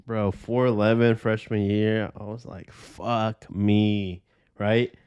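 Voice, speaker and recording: A young man in his twenties chats on a podcast with a slightly low voice. He rambles through his stories in a loose, easygoing way and curses often. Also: flat delivery, measured pace, darkish tone, clear, resonant tone, lo-fi sound. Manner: loose storytelling with heavy cursing. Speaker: podcast host. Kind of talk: casual chat.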